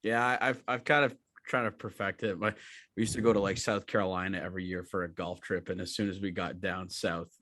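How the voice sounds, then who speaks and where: A man's voice: low voice, steady tone, a little fast, sharp tone, no echo, clean studio sound. A man co-hosting a casual podcast, laid-back and rambling as he chats. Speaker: podcast co-host.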